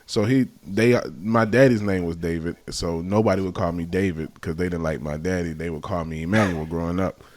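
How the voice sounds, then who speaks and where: A young man hosting a casual chat, telling family stories with animated bursts and mimicked calls. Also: low-pitched, brisk, hardly any pauses. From American South. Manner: animated storyteller, mimics relatives' shouts. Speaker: host.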